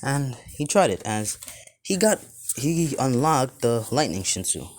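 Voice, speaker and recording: A man's voice: mid-range voice, sing-song, unhurried, a little mellow. A young man improvising a fan fiction story, rambling and restarting sentences as he goes.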